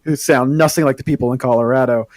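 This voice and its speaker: A man's voice: medium pitch, fast talker, no echo, poor audio. A man from Washington State with a neutral American accent, reasoning steadily in a casual podcast chat. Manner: steady reasoning, many "I mean"s. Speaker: podcast co-host.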